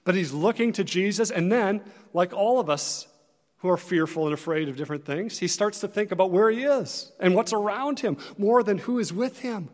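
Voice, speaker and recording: A man preaching a sermon as pastor, earnest and conversational, rising and dropping in loudness to press his points. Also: high voice, normal speed, in a large hall.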